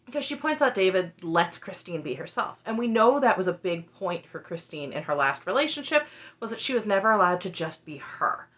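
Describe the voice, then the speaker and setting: A woman's voice: mid-range voice, a little fast, dull audio. A woman in casual commentary recapping a reality show, laughing often and acting out what people said. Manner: animated, laughs often, acts out quotes.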